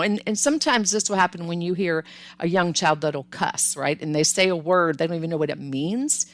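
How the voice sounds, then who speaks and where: A woman's voice: fairly low pitch, fairly bright tone, dry recording. A woman hosting a parenting podcast, giving upbeat, conversational advice and sometimes acting out what parents and children say. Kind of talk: solo podcast advice talk.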